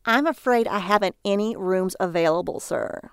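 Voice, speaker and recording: A woman voicing a stiff, overly formal male hotel clerk with a high-pitched voice, in a noir audio story. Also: moderate pace, gravelly, clear, resonant tone, no room sound, clean studio sound, natural voice. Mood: stiffly polite.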